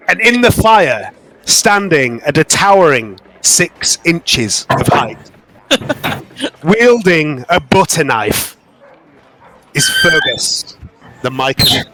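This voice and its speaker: A man narrating a tabletop game as game master in a slow, dramatic, descriptive way. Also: on the high side, big pitch swings, noisy background.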